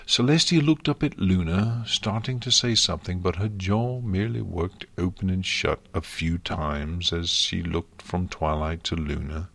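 Deep-voiced, slow male storyteller. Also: vocal fry, a bit bright, slightly rough, dry recording. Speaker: narrator. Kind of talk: audiobook fan fiction reading.

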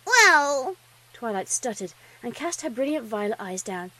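A woman reading a fan story aloud as the narrator, with expressive delivery. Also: mid-range voice, moderate pace, husky, poor audio.

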